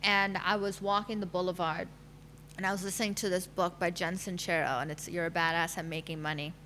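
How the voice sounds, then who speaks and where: Bright-voiced woman telling her story. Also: on the low side, little pitch movement, brisk, a little hiss or hum. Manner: candid, emotional storytelling with fillers and laughs. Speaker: guest, matchmaker. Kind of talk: personal story in a podcast interview.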